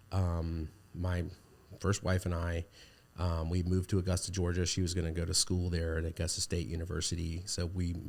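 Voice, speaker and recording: A man's voice: low-pitched, a little mellow. A man in his forties, a podcast guest, telling stories in a rambling, easygoing way with many restarts. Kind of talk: casual conversation.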